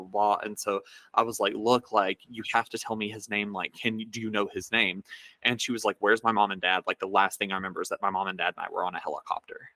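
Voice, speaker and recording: A man's voice: lowish voice, bright, forceful tone, no echo. A man co-hosting a podcast, telling a dream story casually in a rambling way with many fillers. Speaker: podcast co-host.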